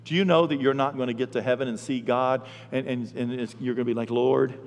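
A male pastor preaching a sermon in a folksy, animated storytelling way. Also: medium pitch, fast talker. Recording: long hall reverb.

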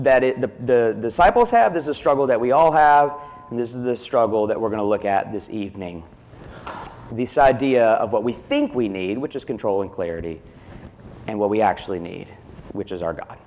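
A man's voice: mid-range voice, expressive, moderate pace, a little mellow. A male pastor preaching a sermon, telling a family story in a conversational way and repeating himself as he goes.

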